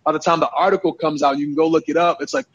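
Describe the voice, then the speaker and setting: Male interview guest, slightly high husky voice, animated rambling storyteller with many fillers, muffled recording. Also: rapid-fire. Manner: animated, with lots of fillers and repeats.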